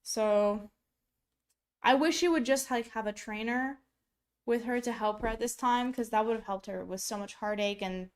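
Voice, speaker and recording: Chatty woman streamer, slightly high voice. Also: normal speed. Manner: chatty, blunt, with many fillers. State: coughing, choking on popcorn. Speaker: streamer reacting to a video. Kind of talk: casual reaction commentary. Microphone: streaming setup.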